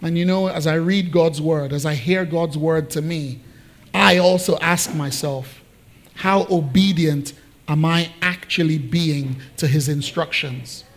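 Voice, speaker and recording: A man with a high voice preaches a sermon to his congregation. He keeps it lively and conversational, dropping into playful voices as he acts out biblical characters. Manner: animated, acts out biblical figures in quick asides. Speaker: pastor.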